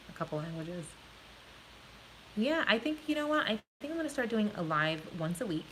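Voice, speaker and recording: Woman, New Jersey accent, blunt live-stream chatter, bright voice, light background hiss. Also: on the low side, rough recording. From born in Puerto Rico, raised in New Jersey. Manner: blunt, frank, swears freely. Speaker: vlogger answering live viewer questions. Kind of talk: casual live-stream chat.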